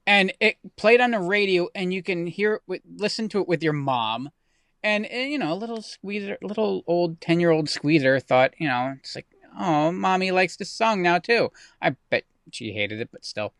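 A man's voice: high-pitched, expressive, normal speed, fairly bright tone, no room sound, clean studio sound. A man in his thirties co-hosting a casual podcast chat, rambling and often restarting his sentences. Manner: rambling, self-correcting. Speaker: podcast co-host.

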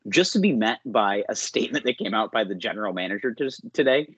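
A husky, low-pitched man chatting loosely as a podcast co-host, quick to laugh and to mimic others. The sound is dry and a little dull, like a lo-fi recording. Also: animated, dry recording. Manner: laughs often, does playful impressions. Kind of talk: casual podcast chat.

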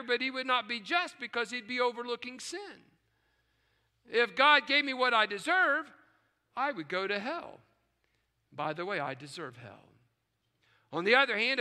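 A man preaching a sermon to a live congregation, swinging from hushed low passages to loud shouted peaks. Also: big-room sound. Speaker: pastor. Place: large church sanctuary with choir and orchestra. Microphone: live stream.

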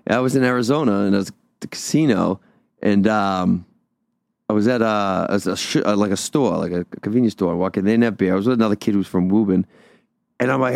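Gravelly Boston-accented radio host. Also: male voice, on the low side, a little mellow, no echo, clean studio sound. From Boston area. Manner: rambling storyteller with many restarts. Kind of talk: casual radio banter.

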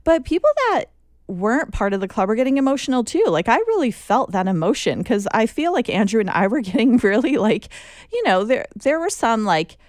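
A woman chatting casually and excitedly about a football final, laughing often and using lots of fillers. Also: a little high, brisk, no room sound, clean studio sound.

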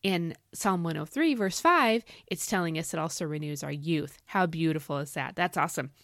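A woman podcast host teaching from the Bible in an excited, folksy, emphatic way. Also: deep voice, moderate pace, no echo, clean studio sound. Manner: animated, folksy, emphatic with y'all.

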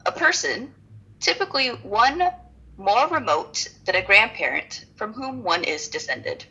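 A woman's voice: fairly high pitch, very animated, unhurried, bright, forceful tone, breathy edge, muffled recording. A woman co-hosting a casual podcast, reading notes aloud with frequent laughs and self-deprecating asides. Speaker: podcast co-host.

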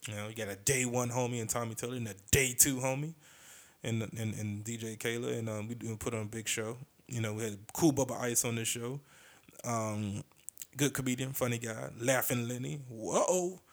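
Speaking at a medium pitch and in a steady tone, a podcast host chats loosely on his own show. He wanders between topics, stumbles over hesitations, and slips in brief impressions of fellow comedians.

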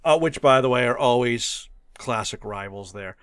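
A man's voice: medium pitch, normal speed, a bit bright, smooth, dry recording, studio quality. A man co-hosting a casual film-review podcast chat, laughing often and joking with his co-host. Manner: laughs often, giggly and playful.

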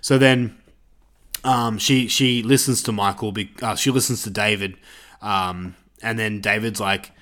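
A man on a casual podcast, retelling a movie in a rambling, profane way with quick character voices. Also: on the low side, fairly even intonation, fairly bright tone. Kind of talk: casual chat.

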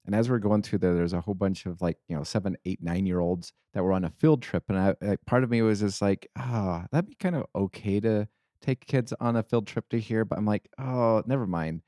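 A man's voice: on the low side, brisk, warm tone, dry recording, clean studio sound. A man co-hosting a casual podcast, telling rambling anecdotes with frequent restarts. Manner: rambling storyteller, restarts often. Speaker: podcast co-host. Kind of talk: casual chat.

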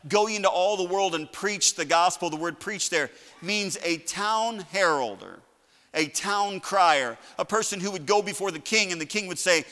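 A man preaching a sermon, building to loud shouts and then dropping to a quiet, conversational tone. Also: high-pitched, expressive, moderate pace, big-room sound. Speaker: pastor.

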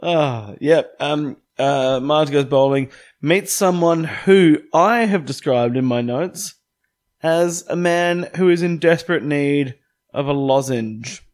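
A man's voice: fairly high pitch, slow pace, a little mellow. A man co-hosting a podcast, bantering in a playful, wry way. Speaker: podcast co-host. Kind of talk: casual chat.

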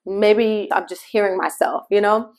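A woman's voice: medium pitch, steady tone, darkish tone. A middle-aged woman hosting a devotional podcast, telling a personal story in a conversational way and talking straight to her listeners. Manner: shifts pace between slow emphasis and quick asides. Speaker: podcast host.

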